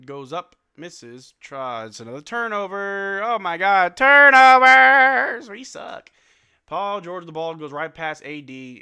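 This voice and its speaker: A man hosting a late-night live stream watch-along, calling plays in a casual way and swinging between flat dismay and sudden shouts while he is sleepy. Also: mid-range voice, clear, resonant tone, no echo, clean studio sound. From New Zealand. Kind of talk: casual play-by-play and chat.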